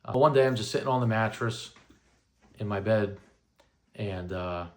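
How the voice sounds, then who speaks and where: A vlogger in his thirties recounts his paranormal experiences in a casual first-person story, rambling and saying "you know" and "right?" a lot. His voice is on the low side, and he speaks at a moderate pace.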